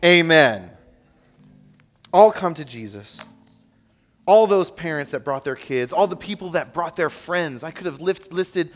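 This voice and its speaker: A man in his thirties preaching a sermon from a church stage. He tells a family story with earnest, excitable energy and laughter. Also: on the high side.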